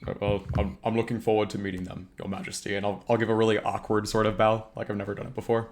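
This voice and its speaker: A man's voice: fairly low pitch, flat delivery, fast talker. A man playing a tabletop game, answering in character in an easygoing, jokey way. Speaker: player.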